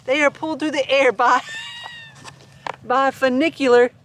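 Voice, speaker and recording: A woman's voice: high-pitched, fairly even intonation, measured pace, a bit bright, slight background noise. A woman reading a rhyming picture book aloud to her farm animals outdoors, playful and laughing between verses. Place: outdoors on a farm with sheep and dogs.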